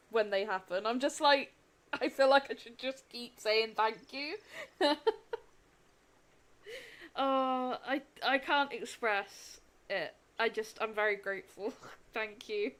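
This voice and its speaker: A woman's voice: on the high side, slow pace, a bit bright. A young adult woman streaming a game, chatting casually with a giggly, effusive and rambling manner. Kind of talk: casual gameplay livestream chat.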